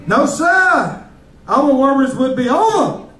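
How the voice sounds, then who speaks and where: A man's voice: very high-pitched, animated, takes it slowly, fairly bright tone, reverberant, distant mic, rough recording. A male stand-up comedian, telling jokes loosely on a club stage. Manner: loose, joking storytelling.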